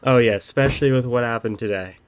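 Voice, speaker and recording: A man's voice: mid-range voice, fast, smooth. A young man hosting a podcast, telling a story in casual chat with lots of ums. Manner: rambling storytelling with many "um"s. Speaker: podcast host.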